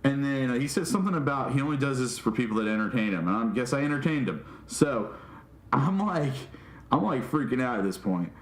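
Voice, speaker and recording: A man co-hosting a casual podcast, telling animated stories and acting out what people said. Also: medium pitch, fairly quick. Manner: animated storytelling, acting out quotes. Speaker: podcast co-host and streamer. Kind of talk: casual chat. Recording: roomy echo.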